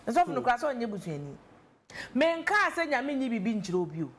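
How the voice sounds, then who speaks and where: A woman's voice: on the high side, fast talker. A woman on a talk show panel, chatting casually and animatedly, mixing English into her talk. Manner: animated, mixes English into Twi. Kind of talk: casual chat.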